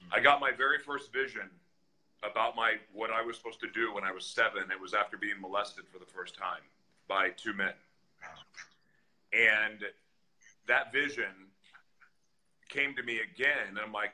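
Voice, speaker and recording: A man speaks as a guest on a live podcast, candid and earnest as he tells his own story. His voice is bright and forceful, and he leans hard into the retelling. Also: lowish voice, unhurried, long pauses, rough recording. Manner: earnest, animated, acts out shouted voices in retelling. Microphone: live stream, reads comments on screen.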